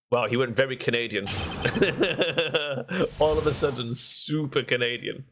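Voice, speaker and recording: A man's voice: mid-range voice, slow, noisy background. A man giving casual, self-deprecating commentary while streaming a game.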